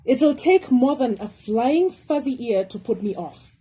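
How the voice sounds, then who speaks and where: A brisk, spirited storybook girl, read by a woman. The voice is a little high and lively, with a mellow, slightly husky edge. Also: exaggerated voice, poor audio. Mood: cross. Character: determined, bossy young girl.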